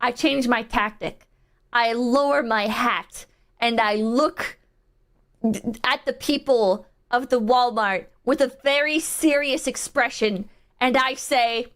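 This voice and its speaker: A woman reading her moves aloud in a text adventure game, deadpan and deliberate. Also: a little high.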